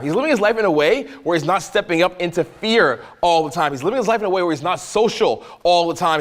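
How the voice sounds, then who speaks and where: A male dating coach addresses a seminar room with animated, expletive-laced storytelling. His voice sits slightly high for a man. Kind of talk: live seminar talk.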